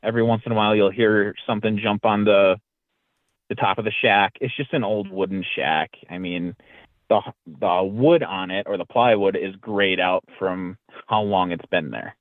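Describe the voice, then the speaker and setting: Speaking at a moderate pace in a fairly low voice, this man is a podcast guest spinning a casual yarn and performing the quoted lines with energy. His audio comes through a dry, tinny, phone-like connection with no echo.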